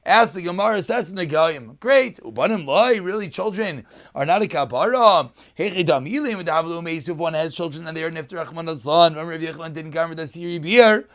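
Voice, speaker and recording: A man's voice: on the high side, expressive, a little fast. A man teaching a daf yomi Talmud lesson. He reads Aramaic phrases and explains them in English.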